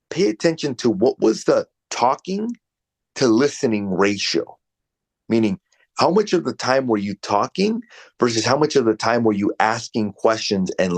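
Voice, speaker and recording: A man coaching a salesperson over a video call, giving direct, conversational feedback. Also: mid-range voice. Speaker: real estate sales coach.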